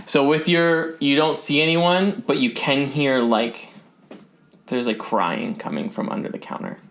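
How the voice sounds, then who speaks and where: A man's voice: fairly high pitch, measured pace, fairly bright tone. Hesitant game master man. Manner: hesitant, many ums and restarts. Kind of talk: narrating a tabletop game.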